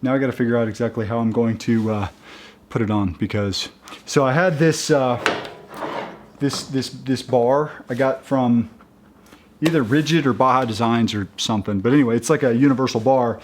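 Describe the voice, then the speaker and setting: A man's voice: medium pitch, slight background noise. A man with an everyday mid-range voice, chatting his way through a hands-on project. He is upbeat and easygoing, and often stops, restarts and fills with "uh" as he goes. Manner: halting, with many restarts and fillers. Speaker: vlogger installing a roof rack. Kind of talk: casual how-to talk.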